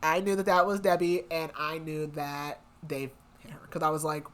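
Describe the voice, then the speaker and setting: A woman's voice: sits low, flat delivery, normal speed. Chatty young woman recapping a book plot. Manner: chatty, lots of "like" and "um", acts out quotes. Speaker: book podcast co-host.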